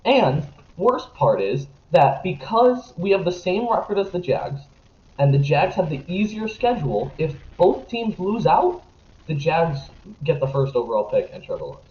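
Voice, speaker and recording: A young man rants about sports on a casual podcast, his voice jumping all over the place from muttered complaints to sudden yelling. His pitch sits a little high. The audio is dull and echoey, as if from a bare room. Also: moderate pace. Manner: animated, profane, jumps between grumbling and shouting. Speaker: podcast co-host.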